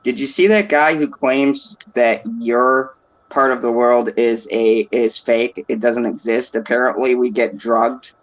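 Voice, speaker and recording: A male stream host rambles through his opinions in loose casual chat at a middle pitch. The sound is dull and lo-fi. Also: steady tone, unhurried. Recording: dull lo-fi mic.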